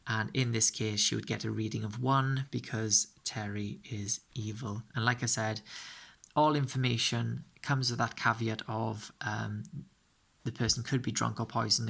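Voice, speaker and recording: A man's voice: lowish voice, creaky, fairly bright tone, husky. A man explaining the rules of a game step by step. He often checks in with "okay?" and corrects himself as he goes. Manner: frequent fillers and self-corrections. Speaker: game tutor.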